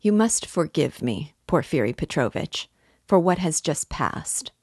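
A woman's voice: sits low, big pitch swings, darkish tone, slightly rough, no echo, studio quality, heavily acted. A woman reading a cool, sarcastic young man. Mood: sardonic. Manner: measured, sarcastic. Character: cool, sardonic young man under suspicion.

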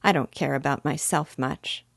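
A woman's voice: low voice, moderate pace, gravelly, dry recording, clean studio sound. A woman voicing an earnest, polite little girl who speaks primly. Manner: prim and polite.

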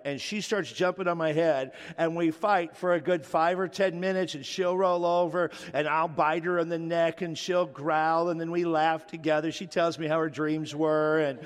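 Joking preacher man, fairly high voice. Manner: conversational, joking, with frequent restarts. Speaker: pastor. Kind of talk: sermon. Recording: long hall reverb.

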